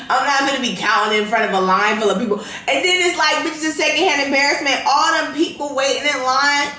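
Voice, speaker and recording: A woman in her thirties with a bright, sharp voice, talking off the cuff in a profane and animated way and laughing through her own stories. Her voice rings in an echoey room. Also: sits high. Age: 30s. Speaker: podcast host. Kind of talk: casual unfiltered monologue.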